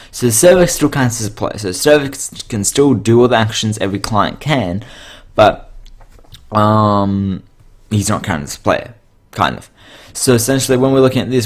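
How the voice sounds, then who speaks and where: A man with a slightly low voice talks through a coding tutorial in a loose, rambling way. He sounds tired and is losing his voice, and he keeps stumbling, restarting and filling gaps with ums. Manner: rambling, frequent fillers and self-corrections. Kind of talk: casual screen-share coding tutorial.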